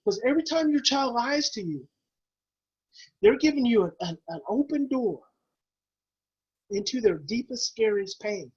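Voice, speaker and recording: A man with a high, husky voice teaches parents in an impassioned webinar. He repeats his points with emphatic, preacher-like urgency. The sound is dull and lo-fi. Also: expressive, normal speed, pauses often, darkish tone. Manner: emphatic, repetitive, preacher-like urging.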